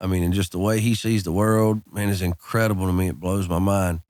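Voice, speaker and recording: A man in his thirties, a guest on a podcast, telling relaxed anecdotes in casual chat. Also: low voice, a little fast, dry recording, clean studio sound. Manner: laid-back, drawling anecdotes peppered with "man" and "dude". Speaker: podcast guest, country singer.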